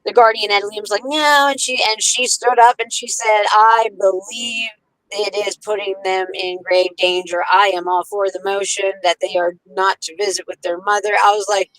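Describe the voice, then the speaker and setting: A woman tells her story in a heated, foul-mouthed rush, slipping into the voices of the people she quotes. Her voice sits at an ordinary middle pitch. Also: steady tone, moderate pace, a bit bright, poor audio. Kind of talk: casual chat.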